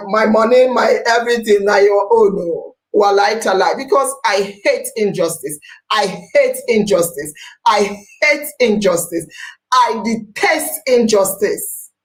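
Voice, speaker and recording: A woman hosting a podcast, speaking with passion, repeating her points and rising to near-shouts. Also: a little high, poor audio. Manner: emphatic, preachy, repeats phrases, rises to near-shouts. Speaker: podcast host. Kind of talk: impassioned podcast monologue.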